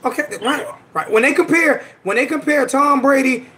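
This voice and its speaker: A man's voice: extremely high pitch, normal speed, slight background noise. A man in his forties hosting a live sports show, trading heated trash talk and hammering his points through repetition. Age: 40s. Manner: argumentative, loud, repeats himself for emphasis. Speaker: host.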